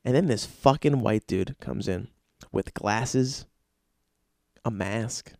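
A man's voice: fairly low pitch, slow, creaky, darkish tone, no room sound. Profane ranting male stand-up comic. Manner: profane, ranting, exasperated outbursts. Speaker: comedian. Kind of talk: stand-up storytelling.

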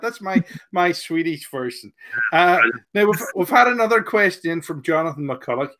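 A man's voice: fairly high pitch, lively intonation, normal speed, noisy background. A man hosting a live online show, chatty and playful, reading viewer questions. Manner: chatty, playful, laughs easily. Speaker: show host.

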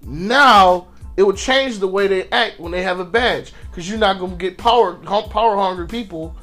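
A man's voice: sits high, moderate pace, sharp tone, faint music behind. A man co-hosting a podcast, arguing passionately and profanely in casual discussion, acting out quotes. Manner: impassioned, acts out quotes of police and victims; profane, repeats words when restarting. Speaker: podcast co-host.

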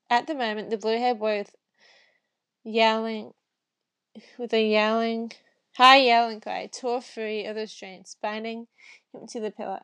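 Gravelly-voiced woman reading a novel slowly. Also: a little high, a bit bright. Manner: casual reading with stumbles and self-corrections. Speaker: reader.

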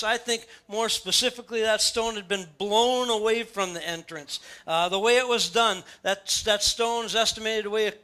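A man preaching a sermon in a church, reading scripture aloud and explaining it in an animated, storytelling way. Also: high-pitched. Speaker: pastor. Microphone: church sound system.

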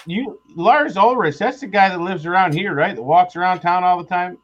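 A man in his forties chats as a podcast guest, laid-back and a little halting, chuckling at old memories. His voice sits slightly high. The sound is dull and lo-fi. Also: noisy background. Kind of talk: casual chat.

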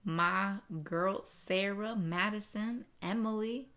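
A young woman co-hosting a casual podcast, chatting in an animated way and putting on voices when she quotes people. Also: medium pitch, takes it slowly. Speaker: podcast co-host. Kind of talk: casual chat.

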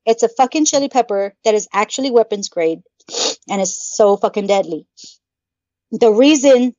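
A woman's voice: medium pitch, a little mellow, no echo. A woman co-hosting a podcast, swearing constantly and ranting in mock anger in casual chat. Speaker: podcast co-host. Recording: dull lo-fi sound.

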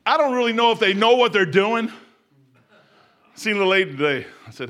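An older pastor preaches in a church, folksy and chuckling at his own stories. His voice sits high and carries a bright, forceful edge, rising to shouts and sinking to near whispers. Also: big pitch swings, moderate pace, pauses often. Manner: folksy, laughing, swings from shouting to hushed. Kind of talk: sermon. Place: church sanctuary.

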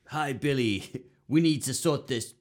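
A man imitating a meek, awkward man who leaves a slow, overly polite trash-talk voicemail. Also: mid-range voice, voice pushed up, close to an everyday voice. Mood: awkwardly polite.

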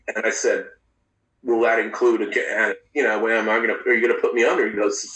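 A man recounting his own past in an interview, speaking candidly and haltingly, with frequent profanity and restarts. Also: fairly low pitch, flat delivery, a bit bright. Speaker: interview guest. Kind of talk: personal storytelling in a podcast interview. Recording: roomy, distant mic.

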